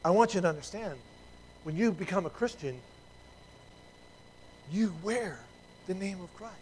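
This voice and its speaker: A man's voice: high voice, lively intonation, unhurried, a little mellow, slight background noise, rough recording. A middle-aged man preaching a sermon in a conversational way, with asides and restarts and emphatic peaks. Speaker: pastor.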